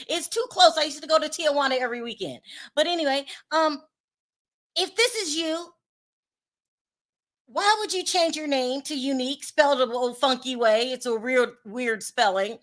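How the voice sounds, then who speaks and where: A sassy woman commentator speaks high and bright. She calls people out bluntly and plays to her audience. Her delivery is informal and unfiltered. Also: normal speed. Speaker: commentary channel host. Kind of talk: opinionated gossip commentary.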